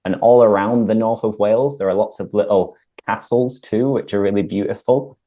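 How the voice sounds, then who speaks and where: A male host and English teacher speaks clearly and patiently as he explains word usage to his listeners. His voice is low and mellow, with a warm, relaxed tone. He asks his guest questions in a conversational way. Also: normal speed.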